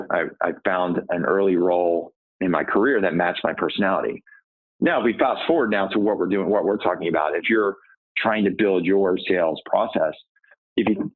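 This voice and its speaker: A man who coaches sales, answering interview questions. He keeps asking rhetorical questions and answering them himself. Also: low voice. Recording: tinny phone-like line.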